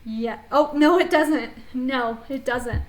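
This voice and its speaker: Speaking slowly in a high register, this woman models each sound in a beginner phonics lesson for kids. She is clear and encouraging, though the audio quality is poor.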